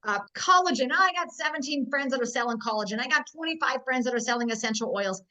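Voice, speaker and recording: A woman's voice: high-pitched, animated, fast, pushed and bright. A woman in her forties giving a blunt, emphatic tough-love business training over a video call. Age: 40s. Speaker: network marketing trainer. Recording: dull, muffled video-call audio.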